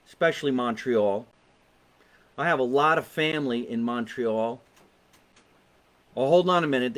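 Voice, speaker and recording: A man's voice: medium pitch, a bit bright. A man with a New Jersey accent hosting a live online comedy talk show from his basement, brash and joking with viewers, swearing freely. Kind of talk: casual live-stream chat. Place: home basement.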